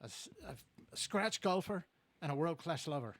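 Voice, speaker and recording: A man voicing a cheeky little male leprechaun in a put-on Irish accent, high and lilting. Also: lively intonation, normal speed, no echo. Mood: scheming.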